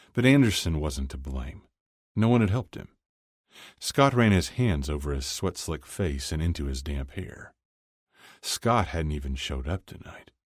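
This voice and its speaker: Give me a very low-voiced man narrating an audiobook in a dry, close sound. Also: no echo.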